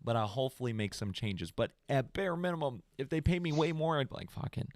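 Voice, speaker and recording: A young man hosting a podcast stream, telling stories in a rambling, animated casual chat and calling people "bro". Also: mid-range voice, a little fast, no echo, studio quality. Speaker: podcast host.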